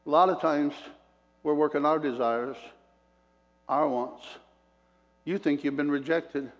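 A man's voice: on the high side, a little slow, muffled recording. Older male preacher in a reverberant hall. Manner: animated storytelling preacher, swings between loud bursts and hushed asides. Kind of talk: sermon.

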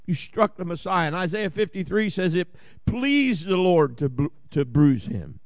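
A man's voice: high-pitched, sing-song, unhurried, dry recording, studio quality. A man with a Southern Ohio accent preaching a sermon, folksy and joking, often asking the congregation "Amen?". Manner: folksy, jokey asides and repeated "Amen?" to the congregation. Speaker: pastor.

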